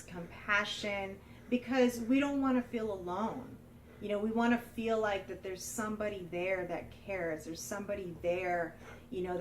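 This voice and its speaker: A woman's voice: medium pitch, far from the mic, a little hiss or hum, rough recording. A woman vlogging in a candid, casual storytelling monologue, acting out what other people said. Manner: candid, animated, mimics others in quotes. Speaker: lifestyle vlogger.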